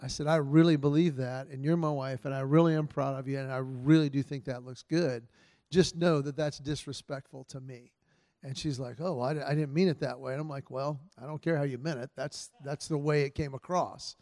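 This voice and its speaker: A man's voice: medium pitch, steady tone, normal speed, mellow, no room sound, studio quality, big-room sound. A man giving earnest, storytelling marriage advice to husbands in a casual talk, often quoting his wife's words in his own voice.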